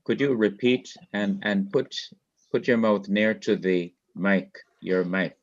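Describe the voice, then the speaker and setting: A man with a Jamaican accent teaching a Hebrew grammar class online, slowly repeating each rule for emphasis. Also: fairly low pitch, steady tone. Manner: slow, repeats key rules for emphasis. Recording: dull lo-fi online class audio.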